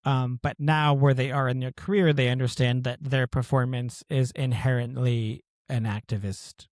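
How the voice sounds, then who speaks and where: A man's voice: mid-range voice, steady tone, moderate pace, a little mellow, no room sound. Guy from near boston chatting on a podcast, joking around, dry close sound. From outside Boston, US. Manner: chatty and joking, reads quotes aloud. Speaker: podcast co-host. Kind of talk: casual podcast chat.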